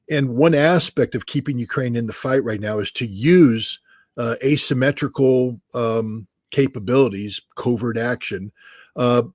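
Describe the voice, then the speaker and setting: Male commentator, husky tone, dead-dry sound, emphatic and argumentative. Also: medium pitch, dry recording. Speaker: guest analyst. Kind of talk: interview commentary.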